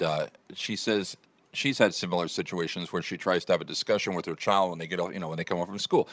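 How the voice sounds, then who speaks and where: A man's voice: lowish voice, fairly bright tone, no room sound. A man hosting an internet radio morning show, telling a rambling story in casual chat. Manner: fast, rambling storytelling with restarts.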